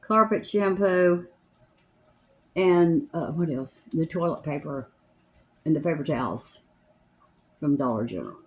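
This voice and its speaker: An older woman in her seventies with a drawl talks through her makeup routine at home. She rambles along in a chatty, homespun way, her voice sitting a little low for a woman. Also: lively intonation, a little slow, long pauses, darkish tone. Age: 70s. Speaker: makeup vlogger. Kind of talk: casual chat while doing makeup. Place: home, seated in a chair.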